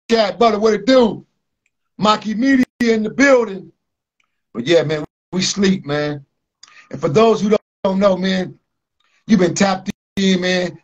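A man hosting a podcast, talking bluntly and profanely, speaking straight to his listeners. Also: fairly high pitch. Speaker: podcast host. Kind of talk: casual podcast rant.

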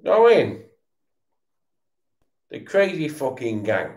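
A man's voice: medium pitch, very animated, slow, darkish tone, roomy sound. A tipsy man, swearing and stammering through a casual rant while he watches football. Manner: swearing, repetitive, stammering restarts. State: tipsy from beer.

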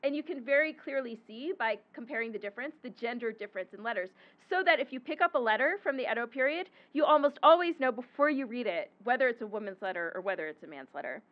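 A historian giving a book talk with slides lectures patiently on her historical research, occasionally pausing on an um or correcting herself. Her voice is high and expressive, and the recording sounds somewhat muffled and dull, like a talk captured in a lecture hall.

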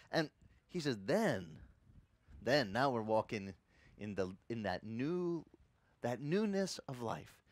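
Animated Sicilian-American pastor preaching. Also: male voice, fairly high pitch, no room sound. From Sicilian family. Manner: animated storytelling preacher, asks the congregation questions. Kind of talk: sermon.

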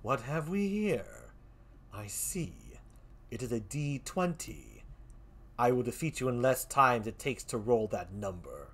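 A man voicing a theatrical, menacing challenger who taunts slowly and gravely. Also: medium pitch, very animated, a bit bright, pitched below the performer's own voice, full character voice. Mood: mock menace. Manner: slow, grave, mock-villainous taunting. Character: deep-voiced menacing male challenger, theatrical.

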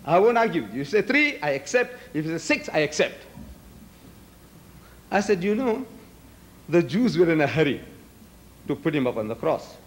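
South African man debating, fairly high voice. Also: big pitch swings, moderate pace, pauses often. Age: older. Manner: rhetorical, acts out both sides. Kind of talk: public debate speech.

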